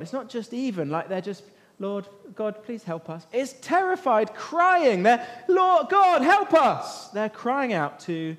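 A man teaching an interactive Bible lesson as an animated storyteller, asking his listeners questions. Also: high-pitched. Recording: long echo of a large hall.

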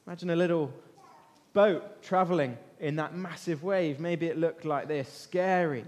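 A man teaching an interactive Bible lesson as an animated storyteller, asking his listeners questions. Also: fairly high pitch, normal speed. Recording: long echo of a large hall.

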